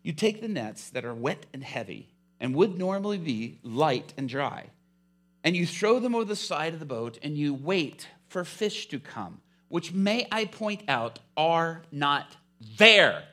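A man voicing a weary, sarcastic fisherman who mocks the advice he is given, in a low put-on voice. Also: big pitch swings, sharp tone, exaggerated voice. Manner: sarcastic, drawn-out mocking explanations.

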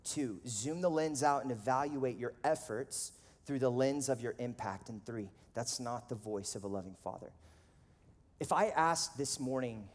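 Male pastor, 30s, mid-range voice, relaxed conversational preaching, big reverberant church hall. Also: mid-range voice, normal speed. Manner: casual, conversational, animated storytelling with frequent "like". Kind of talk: sermon. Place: church auditorium. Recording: long reverb of a large hall.

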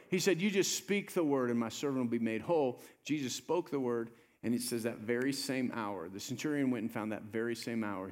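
A male pastor preaching an animated sermon, acting out the voices of the people in the story and urging the congregation to respond. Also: mid-range voice.

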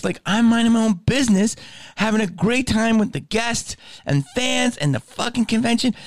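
A man's voice: sits high, no room sound, studio quality. A man hosting a podcast, ranting in a profane, emphatic way and often asking "okay?". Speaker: podcast host. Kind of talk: casual ranting monologue.

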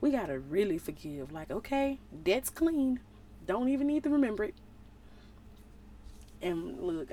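A young woman talks through a Bible passage in a relaxed, slangy way, full of playful asides. Her voice is warm and mellow, with a faint hiss of noise behind it. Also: mid-range voice, normal speed. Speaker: relationship vlogger. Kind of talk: casual Bible study talk.

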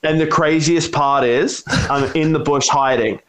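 A man recounting a chaotic story in a relaxed chat. He swears nonstop and slips into other voices as he acts out scenes. His voice sits a little high. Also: measured pace. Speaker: storyteller guest.

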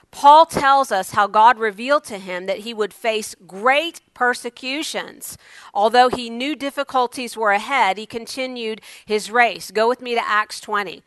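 A woman preaching a sermon, moving from loud exclamations to hushed asides. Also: a little high, clean tone, no echo.

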